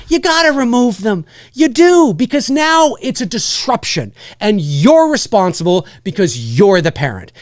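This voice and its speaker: A male livestream host ranting in a loose, casual way. His pitch leaps all over the place as he acts out bits of scenes, with some swearing mixed in. The sound is close and dry. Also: sing-song, normal speed, hardly any pauses, no echo. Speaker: live show host.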